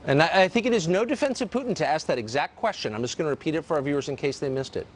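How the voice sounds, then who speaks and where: A man's voice: a little high, expressive, rapid-fire. A man hosting a TV news show, interviewing a guest and delivering commentary with probing questions and stumbling restarts. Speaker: TV news host.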